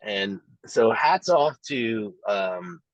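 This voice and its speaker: A man's voice: on the low side, lively intonation, drawn-out words. A man co-hosting a podcast, telling a story in casual chat and often repeating words as he goes. His recording sounds dull and a little muffled. It is dry, with no room echo. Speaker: podcast co-host.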